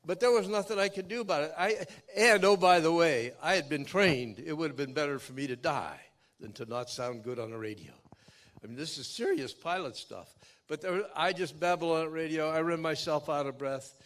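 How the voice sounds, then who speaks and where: A man's voice: fairly high pitch, normal speed. Older man telling a war story. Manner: folksy, dramatic storytelling with big swings from loud to hushed. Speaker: keynote speaker. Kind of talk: storytelling keynote speech. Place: outdoor memorial event.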